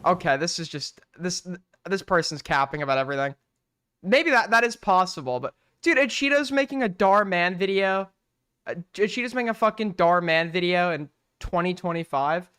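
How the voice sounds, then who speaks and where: A young man hosting a stream, reacting and bantering casually with a loud, jokey, profane manner. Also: high-pitched, animated, normal speed, clear, resonant tone, no room sound, clean studio sound. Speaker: streamer host.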